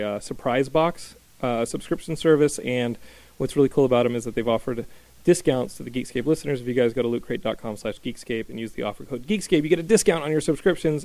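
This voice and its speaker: A man hosting a podcast in a small studio, talking loosely and rambling with plenty of ums and false starts. His voice has a gravelly, fry-laden edge, and the sound is close and dry with no room behind it. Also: medium pitch, darkish tone, dry recording. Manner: rambling, restarts with many ums. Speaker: podcast host. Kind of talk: casual podcast chat.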